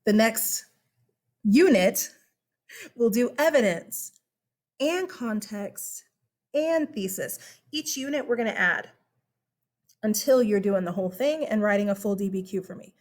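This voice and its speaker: With lively intonation and an unhurried pace, a woman teaching high school history pauses often while laying out casual online class instructions. Her medium-pitched voice stays upbeat and chatty, punctuated by laughs and frequent fillers.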